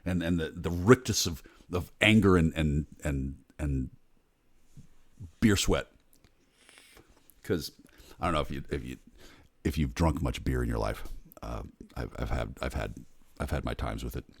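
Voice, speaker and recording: A man in his forties, rambling in a bitter, sardonic, heavily profane monologue, muttering low and then bursting out loud. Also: measured pace, pauses often, no echo. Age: 40s. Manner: bitter, sardonic, swears a lot. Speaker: vlogger.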